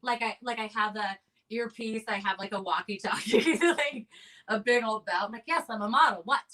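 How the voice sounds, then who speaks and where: A woman's voice: on the high side, normal speed, fairly bright tone, recorded from a distance, rough recording. A young woman hosting a comedy showcase from home, telling a stand-up story in a chatty, profane way full of fillers. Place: at home on a video stream.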